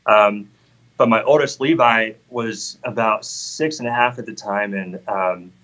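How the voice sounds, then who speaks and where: A man's voice: fairly low pitch, unhurried, fairly bright tone, low-quality recording. A man in his thirties telling an earnest, heartfelt personal faith testimony in conversation. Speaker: guest sharing a testimony.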